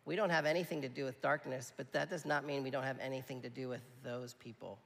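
A man's voice: mid-range voice, fairly even intonation, fast, creaky, a bit bright. A man preaching a sermon in a conversational, emphatic way, often checking in with his listeners. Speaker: pastor. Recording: long hall reverb.

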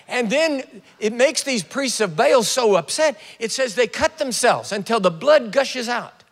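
A man preaching a sermon, telling a scripture story with animated retellings and sudden loud bursts. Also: very high-pitched, moderate pace, hardly any pauses, big-room sound.

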